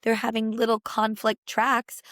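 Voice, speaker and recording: Lively woman guest explaining stuff, gasps n laughs a lot, dry close sound. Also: fairly high pitch, unhurried, no room sound. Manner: animated and expressive, with gasps and laughs. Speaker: podcast guest. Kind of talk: explanatory conversation.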